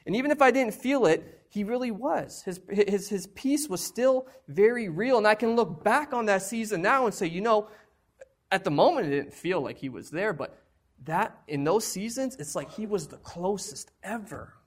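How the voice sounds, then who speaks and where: High-voiced, emphatic male preacher. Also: expressive, moderate pace. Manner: conversational, emphatic, rhetorical questions; shares personal struggles openly. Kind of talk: sermon.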